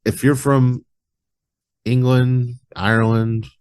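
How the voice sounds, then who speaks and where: A man's voice: mid-range voice, little pitch movement, takes it slowly, darkish tone, clear, resonant tone. A man hosting a casual podcast chat, talking in a loose, rambling way full of "like" fillers.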